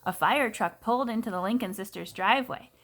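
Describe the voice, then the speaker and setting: A woman teacher reading a children's book aloud in an expressive storytelling voice. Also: medium pitch, brisk.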